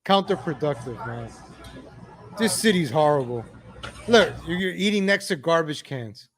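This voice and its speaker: A man ranting in exasperation as he comments on videos for his viewers, calling them ladies and gentlemen. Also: a little high, expressive, moderate pace.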